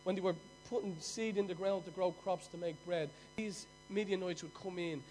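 A high-pitched Irish man preaching a sermon in a storytelling way, surging loud and then dropping low and quiet. Faint music plays softly behind him. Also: fairly even intonation, moderate pace, low-quality recording. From Ireland. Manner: storytelling with sudden loud bursts and hushed drops.

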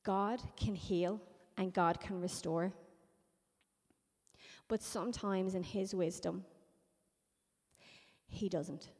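Brief: a woman preacher, mellow and conversational, recorded in a reverberant hall. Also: medium pitch, takes it slowly, long pauses, breathy edge. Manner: conversational, animated storytelling. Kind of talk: sermon.

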